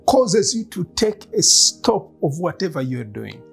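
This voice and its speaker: A man, a pastor preaching in short emphatic phrases and pausing for an interpreter. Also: fairly high pitch, sing-song, gravelly, faint music behind. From Uganda. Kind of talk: sermon with interpreter.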